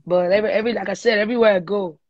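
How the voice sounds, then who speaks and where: A young woman with a Nigerian accent tells her story in a relaxed interview, dropping into pidgin as she goes. She speaks into a phone on a live stream, so the audio sounds muffled and lo-fi. The room is dead, with no echo. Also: mid-range voice, very fast. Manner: lively storyteller mixing in pidgin. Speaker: singer guest. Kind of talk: casual interview chat. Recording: dull lo-fi livestream audio.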